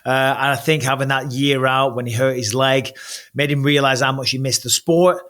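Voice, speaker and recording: A former fighting champion, a man, talking in a casual interview in a blunt, profane and animated way. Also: medium pitch, moderate pace.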